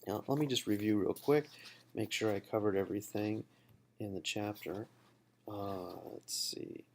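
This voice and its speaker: A man's voice: lowish voice, steady tone, a little slow, a little mellow, a little hiss or hum. A man telling a personal story in a reflective, conversational way while discussing a book. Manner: reflective, conversational, with fillers and restarts. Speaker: book study host.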